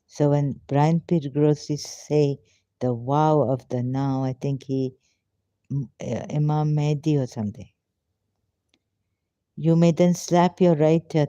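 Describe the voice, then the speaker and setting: A very dark, mellow-voiced man speaks slowly and haltingly, with non-native English phrasing. He reads a prayer, repeats chanted phrases, and breaks off to comment and mock himself. The recording is dull and lo-fi with no room echo. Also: fairly high pitch. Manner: non-native English phrasing, frequent laughter and self-mockery. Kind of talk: reading a prayer aloud with mocking commentary.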